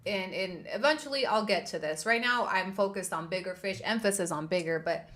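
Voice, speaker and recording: A woman's voice: mid-range voice, animated, fairly quick, a bit bright. Woman host, livestream commentary, indignant, profane, repetitive emphasis. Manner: heated, indignant, swearing; repeats herself for emphasis.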